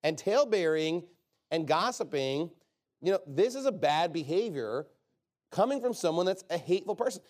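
A man preaches a sermon in a fairly high voice. He talks in a conversational, emphatic way and keeps asking rhetorical questions, then answers them firmly. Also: very animated, moderate pace, a little mellow.

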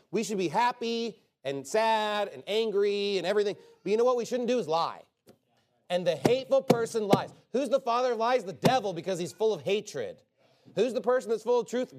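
A man preaching a sermon in an emphatic, conversational way, often asking rhetorical questions. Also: high-pitched.

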